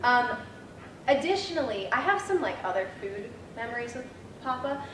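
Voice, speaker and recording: A young woman in her twenties shares funny memories at a memorial, chatty and full of fillers. She sounds far from the mic in a roomy, echoing hall. The noisy room is clearly heard behind her. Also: fairly high pitch, very animated, normal speed, fairly bright tone. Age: 20s. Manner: chatty, laughing, storytelling with many fillers. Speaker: granddaughter giving a eulogy. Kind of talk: memorial speech with funny stories.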